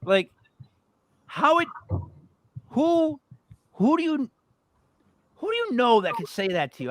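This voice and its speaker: A man with a very high-pitched voice talks slowly, leaving long pauses, with no echo in the audio. He co-hosts a casual podcast as an animated storyteller who performs the quotes he recounts.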